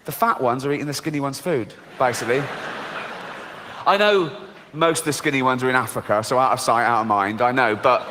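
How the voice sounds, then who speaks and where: A middle-aged British man with a mid-range voice talks fairly quickly, doing a mocking, sardonic stand-up set with free swearing on a theater stage before a laughing audience. The recording has long hall reverb and faint noise.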